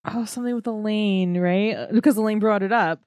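A woman co-hosting a casual podcast, laughing often and teasing back with quick retorts. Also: mid-range voice, fairly even intonation, a little mellow, dry recording, studio quality. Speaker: podcast co-host. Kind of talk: casual chat. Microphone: studio mic.

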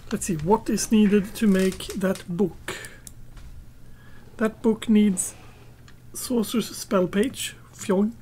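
Woman, game commentator, slow, mellow tone, talks to herself and her pets. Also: medium pitch, slight background noise. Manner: unhurried, muttering to herself and chatting to her tamed pets. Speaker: gameplay commentator. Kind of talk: casual gameplay commentary.

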